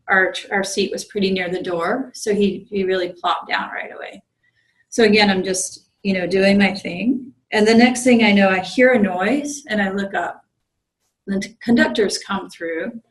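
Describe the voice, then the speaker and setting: A woman priest telling a story in a relaxed dharma talk, with frequent fillers and restarts. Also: medium pitch. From United States. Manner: conversational, many fillers and restarts. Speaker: visiting Zen priest giving a dharma talk. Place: meditation group room. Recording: roomy echo.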